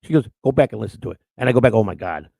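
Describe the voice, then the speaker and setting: A gravelly man talks crudely and rambles, often stumbling over his words. His voice sits mid-pitched, and the recording is close and dry. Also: animated, racing, a little mellow, dry recording, rough recording. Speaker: co-host of a live-streamed morning show. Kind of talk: rambling casual chat reading live chat.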